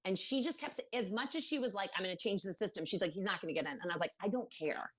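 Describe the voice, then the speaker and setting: Animated woman guest telling a story. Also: mid-range voice, very fast. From Maryland, USA. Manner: animated, acts out quoted voices, many fillers. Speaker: podcast guest. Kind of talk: casual storytelling interview.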